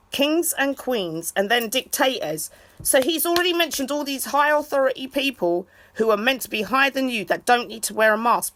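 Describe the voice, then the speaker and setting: A woman in a rambling live video chat. She rants and shouts out to friends in an excitable way. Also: fairly high pitch, no echo. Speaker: vlogger.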